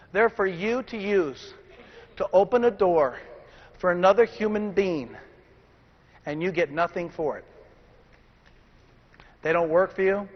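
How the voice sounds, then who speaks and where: A middle-aged man with a strikingly high voice delivers a motivational speech to a live audience, repeatedly demanding that they answer him back. He alternates between loud exhortation and low, intense passages. The recording is dull and lo-fi. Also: long reverb tail. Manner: call-and-response, demands the crowd answer; swings between shouting and hushed intensity. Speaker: motivational speaker. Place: large room with an audience.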